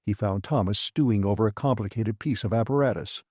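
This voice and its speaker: Dark-voiced man narrating an audiobook. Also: on the low side, brisk, dry recording, clean studio sound. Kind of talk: scripted narration.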